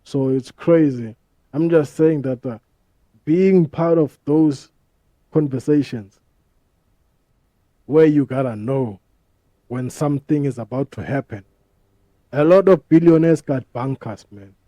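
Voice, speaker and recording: Guy rambling on his podcast, swears a lot, really dark mellow voice, dry studio sound, bit of music. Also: mid-range voice, a little slow, long pauses, no room sound. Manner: rambling, profane, street slang. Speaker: podcast host. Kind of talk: casual podcast monologue.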